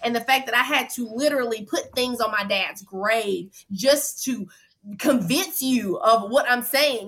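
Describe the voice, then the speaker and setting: A young woman telling a story in an interview, emphatic and animated, often acting out the dialogue. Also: on the high side, a little slow. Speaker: former reality show contestant.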